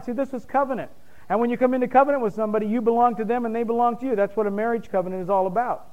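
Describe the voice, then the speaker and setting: Heard through phone-quality sound, a man's high-sitting voice delivers a sermon full of emphatic surges that rise to loud points, and he throws questions out to the congregation.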